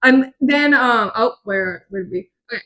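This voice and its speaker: Young woman, podcast co-host, animated jokey recap, fairly high voice. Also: normal speed, low-quality recording. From Miami. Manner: animated, jokey, playful retelling. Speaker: podcast co-host summarizing chapters. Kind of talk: casual chat.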